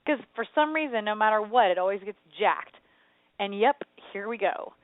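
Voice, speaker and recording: A woman co-hosting a radio talk show, telling a rambling, animated story in casual chat. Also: mid-range voice, moderate pace, no room sound. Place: home. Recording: tinny phone-like radio sound, dry.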